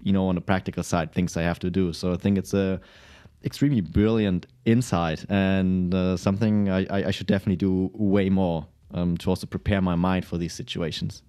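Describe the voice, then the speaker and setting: A man hosting an interview, who talks in a halting way with many restarts. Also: deep voice, fairly even intonation, mellow. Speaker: podcast host. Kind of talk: interview questions and reflections.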